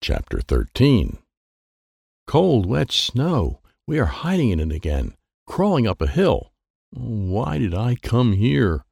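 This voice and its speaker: A man reading a children's book aloud, lively and playful, with sound effects and character voices. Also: mid-range voice, slow pace, gravelly, husky, dry recording, studio quality. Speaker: audiobook reader.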